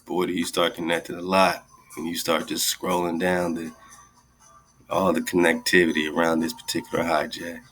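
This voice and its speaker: Faint music plays behind a man hosting a radio talk show, whose low, slightly bright voice has a completely flat delivery at normal speed. He rambles through esoteric ideas in casual commentary over a screen share, ending lines with "right?" and "man".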